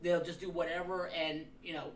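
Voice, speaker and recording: A man's voice: on the high side, level tone, normal speed. Guy rambling and joking on a podcast, sounds far off the mic, echoey room. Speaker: podcast co-host. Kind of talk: casual group chat. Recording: roomy, distant mic with faint hiss.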